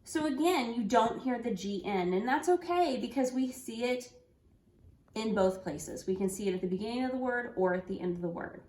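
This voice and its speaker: A woman with a slightly high voice teaches young children a phonics lesson. She talks slowly and clearly, spelling out letters and encouraging the kids along. The room around her sounds roomy and echoey. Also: lively intonation, darkish tone. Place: home room with an easel.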